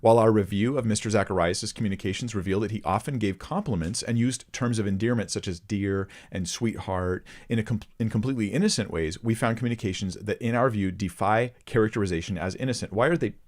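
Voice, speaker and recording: A man's voice: on the low side, fast, hardly any pauses, darkish tone. A man hosting a ministry channel, reading a report aloud and stopping to comment earnestly to his viewers. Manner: earnest, addresses viewers directly. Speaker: host of a Christian ministry channel.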